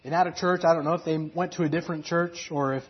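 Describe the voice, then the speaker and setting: A man's voice: fairly high pitch, steady tone, fast talker, husky, muffled recording. A man preaching, retelling a story in a conversational way with fillers and acted quotes. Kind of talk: sermon storytelling.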